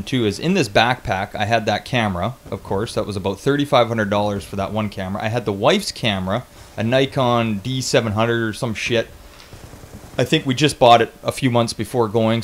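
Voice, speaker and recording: A young man casually telling a travel story on his vlog, animated and swearing freely, with lots of restarts. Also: mid-range voice, a little hiss or hum.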